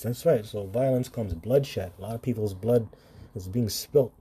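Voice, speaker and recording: A man's voice: fairly low pitch, a little slow, warm tone, breathy edge. A man reading Bible verses aloud and commenting on them in an informal sermon style, often laughing and calling the listener "man". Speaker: scripture teacher.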